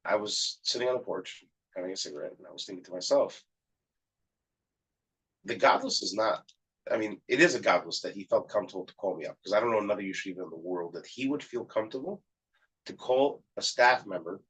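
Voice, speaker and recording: A man's voice: lowish voice, fairly quick, fairly bright tone, slightly rough, poor audio. A man on the staff of a yeshiva, telling a story in casual conversation and acting out the people in it.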